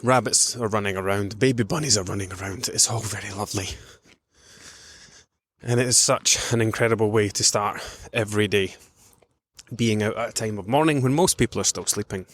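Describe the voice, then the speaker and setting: A man's voice: on the low side, fairly quick, fairly bright tone, dry recording. A man hosting a nutrition podcast, talking in a casual rambling way with many ums while out on a morning walk. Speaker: podcast host, nutrition coach.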